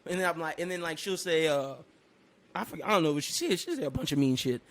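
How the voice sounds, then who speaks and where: A man co-hosting a casual podcast, telling a story with animated energy, laughing often and breaking into loud bursts. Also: on the high side, quick pace. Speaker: podcast co-host.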